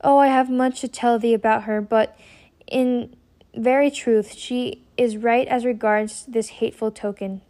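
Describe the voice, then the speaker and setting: An anxious young mother pleads with her wild child in old-fashioned words, as a woman reads her part in a storybook. The voice sits fairly high and stays close to plain reading, urgent and troubled rather than theatrical. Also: steady tone, measured pace, mellow, natural voice. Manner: pleading, urgent, archaic speech. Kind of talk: audiobook character reading.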